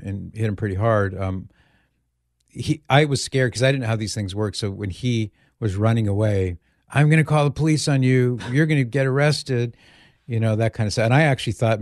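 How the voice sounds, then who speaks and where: A middle-aged man hosting a talk radio show, telling stories in a relaxed way with fillers, in a studio. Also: on the low side, dry recording. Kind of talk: casual talk radio chat. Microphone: studio microphone.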